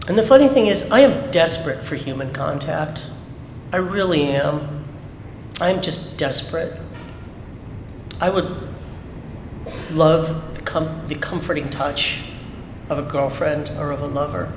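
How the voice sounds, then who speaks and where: A man's voice: a little high, a little slow, long pauses, background noise. A man giving a candid, emphatic personal talk at a Shabbat service, full of rhetorical questions. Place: synagogue sanctuary. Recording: echoey hall with long reverb.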